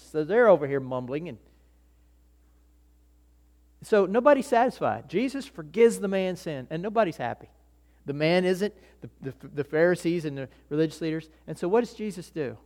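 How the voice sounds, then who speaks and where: A man's voice: a little high, expressive, normal speed, a little mellow. A man preaching a sermon as a pastor, telling stories casually, acting out voices and often restarting his sentences. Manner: conversational storytelling, acts out voices, many restarts. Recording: long hall reverb.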